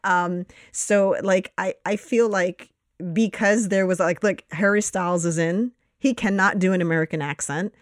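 Woman, podcast co-host, low pitch, dry close mic, animated, casual swearing. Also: normal speed, no echo. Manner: animated, swearing, jumps in pitch when emphatic. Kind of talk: casual movie review chat.

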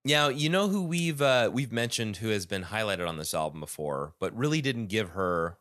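A man's voice: fairly low pitch, sing-song, normal speed, a bit bright, dry recording, studio quality. A man hosting a casual podcast about a music album, rambling with many restarts and fillers. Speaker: podcast host.

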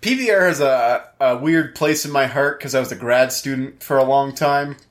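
A man's voice: medium pitch, normal speed. A young man co-hosting a podcast, rambling and wry in casual chat. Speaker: podcast co-host.

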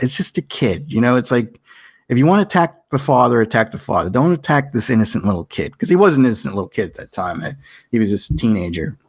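A man's voice: lowish voice, no echo, studio quality. A man hosting a podcast in casual chat, telling long rambling stories and acting out quoted back-and-forths. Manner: rambling storyteller who acts out quoted exchanges. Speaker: podcast host.

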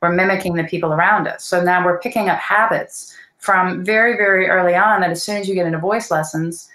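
A woman's voice: lowish voice, steady tone, brisk, a bit bright, echoey room, poor audio. A woman speaking as a voice teacher in a casual interview, earnest and thoughtful, with many fillers.

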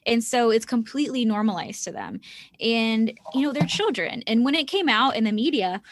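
A woman's voice: a little high, animated, moderate pace, no echo, studio quality. A woman hosting a true-crime podcast, talking earnestly and with indignation. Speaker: podcast host. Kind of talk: conversational true-crime discussion.

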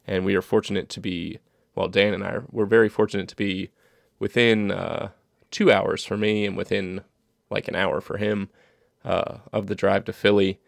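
Low, gravelly-voiced joking podcast host. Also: male voice, level tone, moderate pace, no room sound, clean studio sound. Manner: jokey, rambling, self-deprecating. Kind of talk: casual podcast chat.

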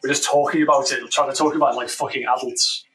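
A man's voice: mid-range voice, fairly even intonation, fast talker, fairly bright tone, far from the mic, rough recording. A man co-hosting a casual current-affairs podcast, talking bluntly and swearing freely. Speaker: podcast co-host.

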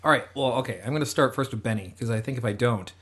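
A man's voice: medium pitch, rapid-fire, a bit bright, husky. A man co-hosting a podcast, chatting casually and joking while he reads out listener emails. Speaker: podcast co-host. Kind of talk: casual chat.

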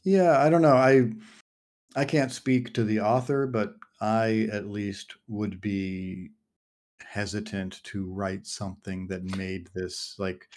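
A man co-hosting a book club podcast, talking casually and haltingly with many fillers and restarts. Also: lowish voice, steady tone, a little mellow.

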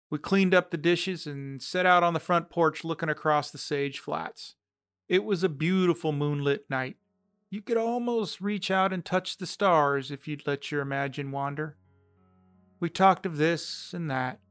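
A man narrating a story read from a letter, steady and reflective. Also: on the high side, no room sound.

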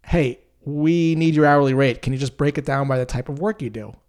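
A man's voice: mid-range voice, big pitch swings, brisk, a little mellow, natural voice. A man voicing an impatient, demanding male corporate boss who pushes back incredulously. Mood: pushy. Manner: pushy, incredulous.

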